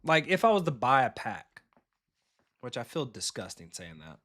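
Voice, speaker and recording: Male game streamer, mid-pitch, loose and profane, chatting with viewers over live football gameplay. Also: big pitch swings, normal speed, a bit bright.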